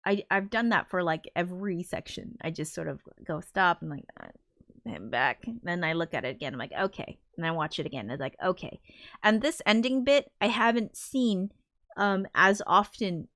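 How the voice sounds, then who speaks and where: A woman's voice: on the low side, normal speed, fairly bright tone, no echo, studio quality. A woman composer chatting casually on a livestream, rambling with frequent restarts and casual swearing. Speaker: composer streaming her work.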